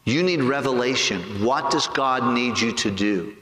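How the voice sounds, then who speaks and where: A man preaches a sermon in a church sanctuary, his voice pitched in an ordinary middle range. He puts rhetorical questions to the congregation and slows down to draw out key words. The sound echoes around the big room, with a long reverb tail behind every phrase. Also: bright, forceful tone. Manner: stretches key words slowly for emphasis. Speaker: pastor.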